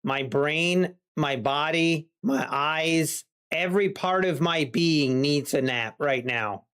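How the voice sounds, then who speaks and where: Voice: mid-range voice, slow, fairly bright tone, clean tone. A day trader talking to a live-stream chat, muttering exasperated complaints and playful teasing.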